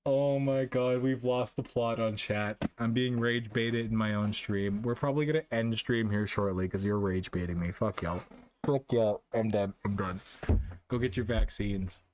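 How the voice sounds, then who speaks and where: A Canadian man on a casual livestream reads chat aloud and goes off about vaccines, profane and exasperated, moving between loud outbursts and low muttering. He talks at a normal speed, with a little hiss or hum in the audio.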